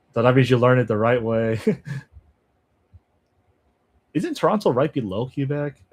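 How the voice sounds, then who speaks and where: A man chats loosely with his viewers on a livestream, often breaking into laughter. His talk wanders, with half-finished thoughts and quick asides. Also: mid-range voice, sing-song, husky. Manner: chatty, laughs often, thinks aloud with trailing asides. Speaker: language-learning streamer. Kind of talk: casual livestream chat with viewers.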